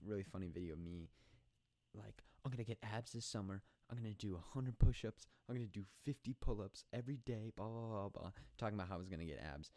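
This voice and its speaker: Alone at a podcast microphone in his home late at night, a young man rambles casually, makes self-deprecating jokes, and frequently starts over. He has a low-pitched, slightly mellow voice, recorded dry.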